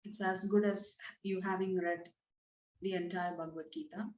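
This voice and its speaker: This woman teaches scripture in a relaxed, conversational way, rephrasing verses in simple terms. She speaks at a normal speed in a lowish, steady, slightly mellow voice, captured in a roomy, somewhat dull recording.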